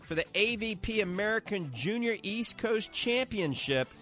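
New orleans guy hosting a radio call-in show, upbeat and chatty, kinda high voice. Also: animated, normal speed, bright, forceful tone, soft background music. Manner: chatty, enthusiastic product recommendations. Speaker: radio show host and eye doctor. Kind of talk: casual call-in radio chat.

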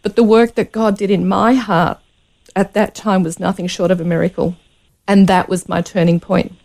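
A woman's voice: medium pitch, fairly even intonation, moderate pace, gravelly, a little mellow. A woman telling a painful personal story as a radio interview guest, earnest and close to tears. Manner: earnest, emotional, near tears.

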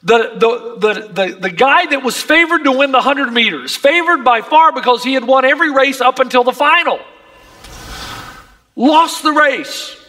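A man's voice: extremely high pitch, lively intonation, normal speed, sharp tone, long reverb tail. A man preaching a sermon as pastor, emphatic and impassioned.

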